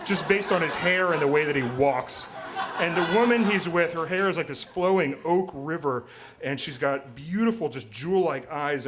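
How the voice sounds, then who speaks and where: A man's voice: mid-range voice, fairly bright tone. A man telling a personal story live on stage, wry, profane and self-mocking.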